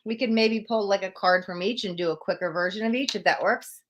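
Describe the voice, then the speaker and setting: A woman's voice: medium pitch, a little fast, a bit bright, slight background noise. A woman hosting a live tarot stream, chatting casually and reassuringly as she reads viewer comments aloud.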